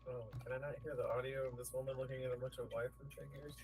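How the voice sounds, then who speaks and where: A man's voice: medium pitch, rapid-fire. A man playing in a tabletop game, chatting casually and cursing a lot as he tells stories. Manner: chatty, profane, animated storytelling. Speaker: player. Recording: noisy stream audio.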